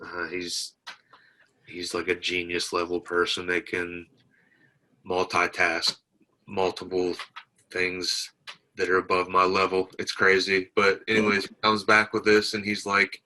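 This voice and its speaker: A man's voice: deep voice, completely flat delivery, a little slow, pushed and bright, rough recording. A man, a military veteran, telling his story in an interview, plainspoken and retelling conversations line by line. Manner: plainspoken, retells dialogue with many "I said". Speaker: veteran guest.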